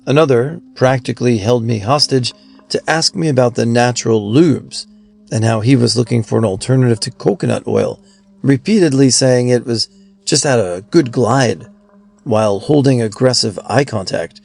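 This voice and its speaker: A man reading out forum stories in an even, steady scripted narration. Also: medium pitch, normal speed, creaky, faint music behind.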